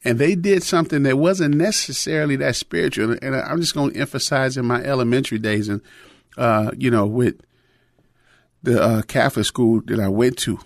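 A man's voice: medium pitch, moderate pace, creaky, no echo, studio quality. A middle-aged man preaching in a conversational sermon, telling a personal story with many fillers and restarts.

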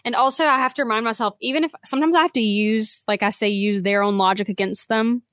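A woman speaks as a podcast guest in relaxed conversation. She hesitates often as she feels for the right words, and her voice sounds dry and close, with no room echo. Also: on the high side, fast talker. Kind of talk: casual chat.

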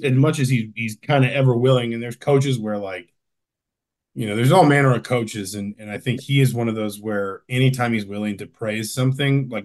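A young man co-hosting a casual college football talk show, rambling with frequent restarts and telling stories animatedly. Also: medium pitch. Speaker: college football podcast co-host. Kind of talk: casual sports chat.

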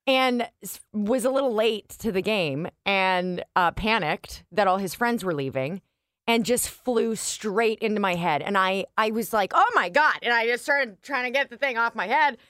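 A woman's voice: mid-range voice, normal speed, no echo. A woman co-hosting a radio show, telling a story in casual banter with lots of laughter and acted-out voices. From Canada. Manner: animated, laughs often, acts out voices in her stories. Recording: dry studio sound.

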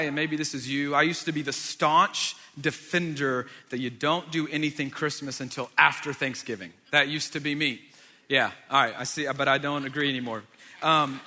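Bright-voiced man preaching in echoing hall. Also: a little high. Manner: joking asides to the audience. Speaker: pastor. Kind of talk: sermon storytelling. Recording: long reverb of a large hall.

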